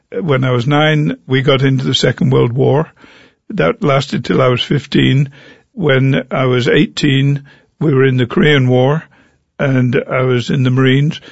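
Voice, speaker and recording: A man's voice: mid-range voice, gravelly, husky, no echo, muffled recording. An older man with an English accent, a pastor telling anecdotal stories in an interview. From England. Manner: animated anecdotal storyteller. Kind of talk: interview storytelling.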